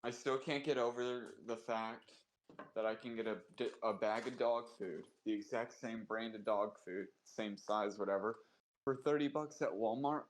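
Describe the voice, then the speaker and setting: A man's voice: lowish voice, steady tone, normal speed, slight background noise, low-quality recording. A man streaming live, chatting casually and rambling about his dogs and prices with loose, profane talk. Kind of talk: casual chat.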